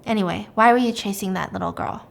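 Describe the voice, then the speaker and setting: A woman voicing a male detective who speaks in a low-key, matter-of-fact, hushed way. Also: fast talker, vocal fry. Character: cool, knowing male detective.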